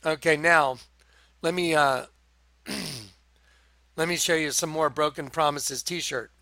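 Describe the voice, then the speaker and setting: Slow, insistent man with a bright voice. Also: on the high side, fairly even intonation, dry recording. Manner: repetitive, insistent, addresses viewers as folks. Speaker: online preacher. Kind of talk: slow, emphatic show-and-tell monologue.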